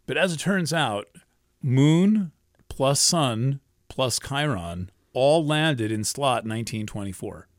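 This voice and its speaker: A man's voice: medium pitch, expressive, takes it slowly, dry recording, studio quality. A man giving a casual astrology talk, rambling and emphatic, often restarting and cursing freely.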